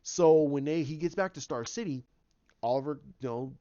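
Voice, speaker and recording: A man's voice: a little high, normal speed, dark tone, muffled recording. A man casually retelling his own movie idea, rambling with lots of restarts and fillers. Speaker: fan pitching a movie idea.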